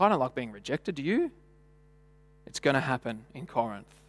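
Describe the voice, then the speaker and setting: A man preaching a sermon in a church, conversational and full of rhetorical questions and stories. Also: on the high side. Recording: long hall reverb.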